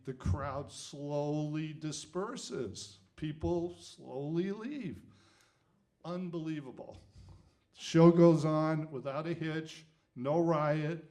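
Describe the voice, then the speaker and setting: A man in his sixties from New England, a music executive telling a lively anecdote with chuckles and casual fillers. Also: a little high. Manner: lively storyteller, chuckles, many "you know" fillers. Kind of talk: storytelling anecdote.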